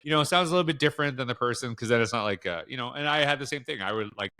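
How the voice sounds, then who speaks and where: Racing along in a medium-pitched, pushed, bright voice that's clear and resonant, a middle-aged man with a Canadian accent chats casually as a podcast guest. An education speaker, he rambles, restarts often, fills gaps with fillers, and performs quoted dialogue.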